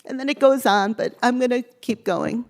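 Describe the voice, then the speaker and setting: A woman's voice: on the high side, moderate pace, a little mellow. A middle-aged woman giving a eulogy at a funeral service, reading aloud and laughing as she goes. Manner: amused, laughing through the reading. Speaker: eulogist, daughter of the deceased.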